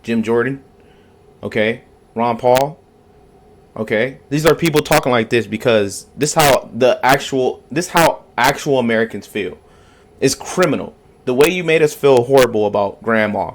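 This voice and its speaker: A man's voice: mid-range voice, lively intonation, normal speed. A man giving a casual reaction commentary, emphatic and repetitive, often tagging his points with "okay?".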